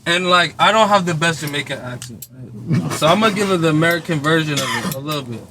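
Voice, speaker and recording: High-voiced young man over street noise. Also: quick pace. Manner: laid-back, storytelling, talks through scenarios step by step. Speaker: podcast co-host. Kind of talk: casual banter. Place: outdoors. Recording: outdoor traffic noise behind.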